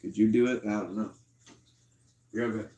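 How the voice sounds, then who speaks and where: A man's voice: fairly low pitch, steady tone, moderate pace, warm tone. Laid-back slangy man livestreaming. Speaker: live streamer. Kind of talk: casual livestream chat.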